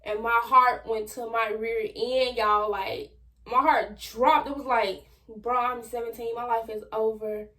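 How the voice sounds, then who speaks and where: A young adult woman telling a personal story straight to her viewers in a casual, slangy, animated way. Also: fairly high pitch, a little slow. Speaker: vlogger.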